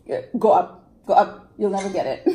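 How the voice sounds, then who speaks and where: A woman's voice: medium pitch, moderate pace, warm tone, roomy sound. A young woman chatting playfully with her partner, teasing and giggly as she runs a game. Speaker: vlogger, wife. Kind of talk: casual chat, playing a prank.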